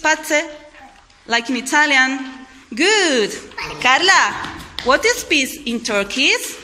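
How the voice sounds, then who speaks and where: A woman teacher leading a class slowly and clearly, praising and prompting the group to repeat after her. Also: high voice, big pitch swings, sharp tone. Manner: slow, clear, encouraging. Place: school hall or classroom. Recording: echoey room with faint noise.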